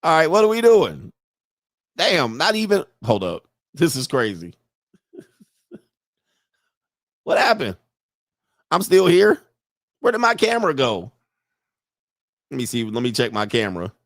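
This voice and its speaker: A man's voice: on the high side, wildly swooping pitch, measured pace, long pauses, a bit bright, no room sound, clean studio sound. A man hosting a podcast from his computer, talking in a casual, rambling, profane way and laughing often. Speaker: podcast host. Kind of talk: casual live-streamed commentary. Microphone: computer mic and webcam.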